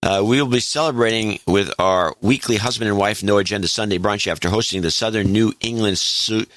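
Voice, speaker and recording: A man's voice: lowish voice, brisk, fairly bright tone, dry recording. A man co-hosting a podcast, reading listener notes aloud with dry asides. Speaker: podcast co-host.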